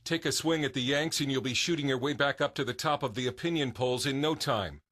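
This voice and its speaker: A man reads documentary narration in an even, scripted way. His voice is bright and forward, sitting at a medium pitch. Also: a little fast.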